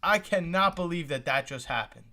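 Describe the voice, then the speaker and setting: High bright-voiced excited male streamer. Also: normal speed, a little hiss or hum. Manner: exclamatory, repeats himself, talks to chat. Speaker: livestream host reacting to the draft. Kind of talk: excited live reaction stream.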